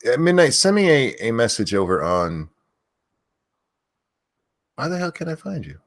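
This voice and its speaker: A man hosting a casual livestream who loudly yells out viewers' names, then drops back into loose, swearing chatter. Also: medium pitch, big pitch swings, normal speed. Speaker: livestream host.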